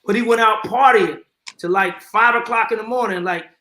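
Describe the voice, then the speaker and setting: Male guest, high and bright, animated storyteller, echoey video-call sound. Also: normal speed. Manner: animated, repeats words when starting a story. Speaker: guest actor. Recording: echoey room with faint noise.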